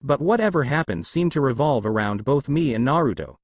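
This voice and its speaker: A man's voice: mid-range voice, lively intonation, a little fast, breathy edge, dry recording. A man reading the lines of a good-natured teenage demigod boy in his own plain voice. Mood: friendly.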